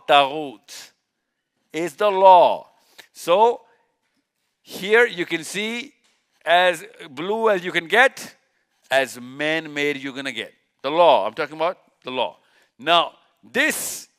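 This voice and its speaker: With a fairly high, fairly bright voice that sounds clear and resonant, a man gives a live talk in an event hall while working a slide clicker. He's emphatic, returns to key words again and again, and answers his own rhetorical questions.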